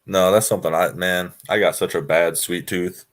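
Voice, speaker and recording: Low-voiced laid-back man from Washington. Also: fairly even intonation, normal speed. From Washington state, US. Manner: laid-back, swears freely, laughs often. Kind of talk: casual chat.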